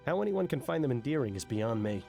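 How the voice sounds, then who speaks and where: A man's voice: medium pitch, sing-song, quick pace, vocal fry, warm tone, soft background music. An actor playing a sardonic man who speaks in a sarcastic, scornful way. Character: sardonic, impatient man with a biting wit. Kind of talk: video game voice acting.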